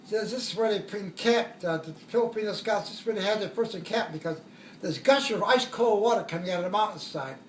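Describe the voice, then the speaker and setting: High-voiced old man telling war stories. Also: quick pace, reverberant, recorded from a distance, a little hiss or hum. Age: older. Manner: rambling, self-correcting, chuckles at own jokes. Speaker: war veteran. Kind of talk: oral history storytelling.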